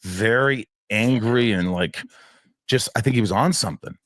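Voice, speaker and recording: A man's voice: fairly low pitch, normal speed, fairly bright tone, no echo, studio quality. A man telling a personal story in an interview, rambling and restarting often as he acts out what people said.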